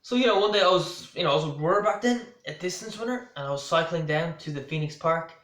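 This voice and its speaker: A man's voice: fairly high pitch, expressive, fast, a bit bright. Rambling Irish man in a roomy echo. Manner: rambling, full of restarts and asides. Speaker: vlogger. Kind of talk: casual storytelling to camera.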